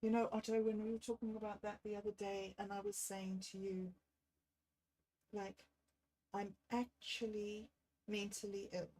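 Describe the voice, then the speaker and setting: A woman, talking on a livestream about a bad day. She thinks aloud in a candid, self-deprecating way and sounds low and unwell. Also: level tone, moderate pace, mellow, poor audio. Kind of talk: rambling personal livestream.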